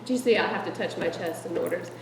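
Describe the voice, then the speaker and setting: A middle-aged woman presenting meeting ideas to fellow directors, chatty and animated and laughing often. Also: on the low side, quick pace, noisy background. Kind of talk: casual presentation to a group. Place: meeting room with an audience. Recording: echoey room from a distant mic, audience audible.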